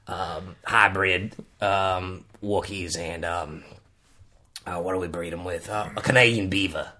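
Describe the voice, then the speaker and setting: A man's voice: deep voice, steady tone, a little slow, bright, forceful tone, full character voice. A man playing a boastful Australian creature wrangler, rambling and hesitant with a put-on Australian accent in an improvised comedy interview.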